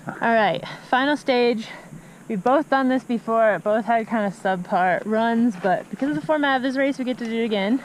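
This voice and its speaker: Relaxed woman racer chatting outdoors. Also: fairly high pitch, normal speed, slight background noise, rough recording. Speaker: mountain bike racer. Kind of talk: casual vlog chat. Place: outdoors at a mountain race venue.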